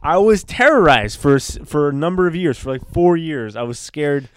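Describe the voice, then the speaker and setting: A man's voice: a little high, lively intonation, moderate pace, clean tone, no echo, studio quality. A man co-hosting a podcast, casually telling a rambling story and laughing easily. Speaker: podcast co-host. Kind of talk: casual comedic chat.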